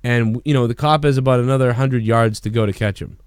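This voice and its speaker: A man hosting a podcast, telling a rambling, profane story in an excitable, casual way. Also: medium pitch, quick pace, smooth, no echo, clean studio sound. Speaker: podcast host.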